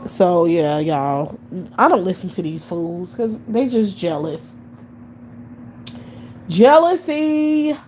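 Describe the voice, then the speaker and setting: A woman's voice: fairly low pitch, takes it slowly, a little mellow, a little hiss or hum, poor audio. A woman in her late thirties ranting bluntly on a live stream, scornful and swearing constantly. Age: 30s. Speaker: livestream host. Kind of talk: profane live-stream rant.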